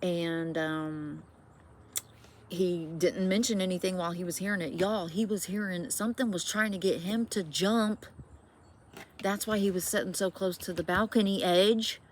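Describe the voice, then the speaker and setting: A woman's voice: lowish voice, steady tone, normal speed, slight background noise. A middle-aged woman from Indiana, telling a personal ghost story to viewers in a chatty, swearing way with many fillers. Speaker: vlogger. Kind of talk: casual storytelling.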